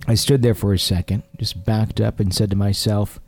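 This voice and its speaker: Low-voiced male podcast host. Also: steady tone, normal speed, a little mellow, no echo, soft background music. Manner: jokey, teasing. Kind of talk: reading listener stories and casual banter.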